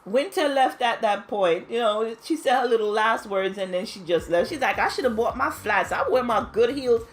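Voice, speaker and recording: A woman giving a casual, chatty recap of a reality show, gossiping and acting out quotes in high squealing voices. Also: lively intonation, moderate pace. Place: home, New York.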